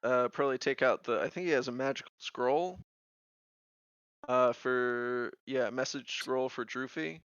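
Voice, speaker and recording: A man's voice: mid-range voice, measured pace, fairly bright tone, clear, resonant tone, no echo, muffled recording. Hesitant man on voice chat. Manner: hesitant, lots of fillers. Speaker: player. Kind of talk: casual tabletop game chat.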